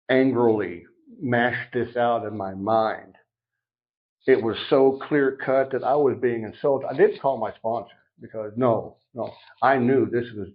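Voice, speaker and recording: A middle-aged man on a podcast telling a personal recovery story, animated and acting out each side of the dialogue. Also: medium pitch. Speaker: podcast guest. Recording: dull lo-fi sound.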